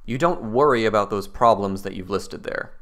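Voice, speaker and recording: A man's voice: normal speed, fairly bright tone. A man hosting a commentary video, rebutting clips in a mocking, exasperated tone. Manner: mocking, exasperated, mimics opponents in high voices.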